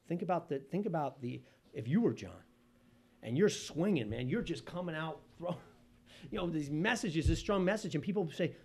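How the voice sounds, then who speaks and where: A man preaching a sermon as pastor, animated, swinging between loud emphasis and hushed tones. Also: on the high side, fairly quick, husky.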